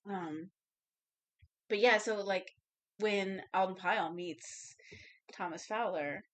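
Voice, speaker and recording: Woman podcast co-host, casual and chatty, mid-pitched voice, quick back-and-forth. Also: a bit bright. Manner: chatty, swears freely, finishes co-host's sentences. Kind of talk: casual movie discussion.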